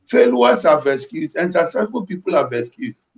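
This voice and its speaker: A man preaches a motivational message, driving his points home through repetition. His voice sits high, and the recording sounds dull and lo-fi. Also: very animated, moderate pace. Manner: preachy, repeats phrases for emphasis. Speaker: pastor. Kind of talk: motivational talk.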